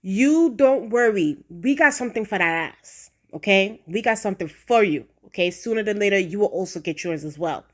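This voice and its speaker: A woman's voice: medium pitch, brisk, few pauses, fairly bright tone. A woman reviewing a TV episode in a casual vlog, talking bluntly and profanely in slang and speaking straight to her viewers. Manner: outspoken, addresses viewers directly. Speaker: TV show reviewer.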